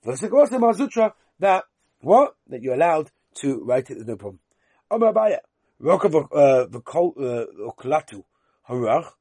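A man's voice: fairly high pitch, big pitch swings, moderate pace, mellow, slightly rough, dry recording. A man teaching Talmud in Yeshivish English with a Yiddish lilt, chanting the text in sing-song and then explaining it. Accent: Yiddish-inflected Yeshivish English. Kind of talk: chanting and translating a Talmud lesson.

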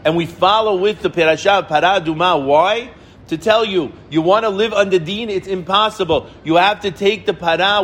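A middle-aged man leads an informal Torah lesson in a fairly high voice. He is animated, asks questions and answers them himself, and hammers home words by repeating them. A faint background hum sits under the voice. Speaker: rabbi teaching the weekly Torah portion.

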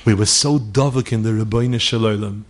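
A man's voice: fairly low pitch, brisk, slight background noise. A middle-aged man giving a holiday sermon, telling stories and sprinkling Yiddish and Hebrew words into his English. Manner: storyteller mixing Yiddish and Hebrew words into English, voicing people in his tales. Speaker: rabbi giving a holiday talk. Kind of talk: sermon with storytelling.

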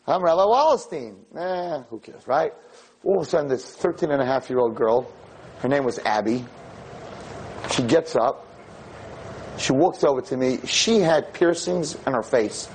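A male rabbi lecturing through a personal story, his voice sitting a little high. He talks in an animated way and slips into the voices of the people in his tale. The delivery is lively and expressive throughout. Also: normal speed, breathy edge.

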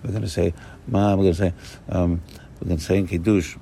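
A man giving a fervent Sabbath morning sermon as a rabbi, repeating short phrases and swinging between loud bursts and soft low asides. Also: fairly even intonation, brisk, creaky, husky.

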